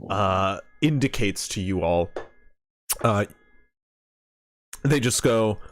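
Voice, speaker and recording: A man's voice: fairly low pitch, expressive, slow pace. A man narrating a tabletop game as game master, in a loose style full of fillers.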